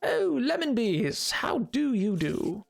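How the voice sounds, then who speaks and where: A man playing a genteel, fussy English gentleman in a put-on posh accent, his voice sitting high and light as he keeps up mannered, primly polite remarks through a live game stream. Faint music plays underneath. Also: huge pitch swings, slow pace, creaky, heavily acted. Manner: prim, mannered phrasing, mild exclamations.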